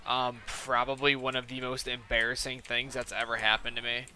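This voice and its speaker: A young man spins a long, casual story while playing a game, his speech rambling and profane and packed with "like". His voice is strikingly bright and forceful, and his pitch sits in an ordinary middle range. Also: flat delivery, normal speed, a little hiss or hum. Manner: rambling, profane, filler-heavy "like". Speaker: gaming video host. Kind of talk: casual storytelling over gameplay.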